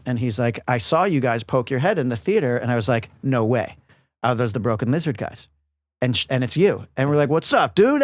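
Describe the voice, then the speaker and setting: Animated middle-aged man telling a story. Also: medium pitch, dry recording. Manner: animated storyteller acting out quotes. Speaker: podcast co-host. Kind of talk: casual storytelling chat.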